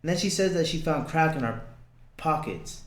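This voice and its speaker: A man's voice: on the high side, animated, moderate pace, a little hiss or hum. A young man telling a personal story as a podcast guest, blunt and swearing, acting out the lines he quotes. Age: young adult. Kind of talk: casual storytelling. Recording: roomy echo.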